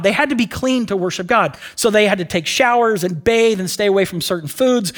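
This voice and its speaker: A man preaching a sermon, animated at times and dropping to a hushed near-whisper to drive points home. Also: high voice. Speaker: pastor.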